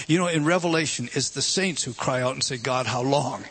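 A man preaching an expository sermon, reading scripture aloud with emphasis and dropping to low, intimate appeals. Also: animated, brisk, few pauses, a bit bright, breathy edge.

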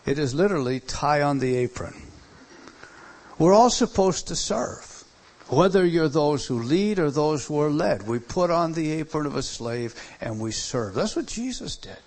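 A male pastor preaching a sermon, stressing points and swinging between loud emphasis and quiet, hushed lines. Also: fairly high pitch, animated, measured pace.

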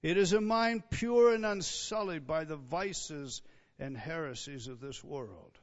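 A man's voice: fairly high pitch, unhurried, highs cut off. A man pastor preaching an expository sermon with an emphatic, repetitive cadence and conversational asides.

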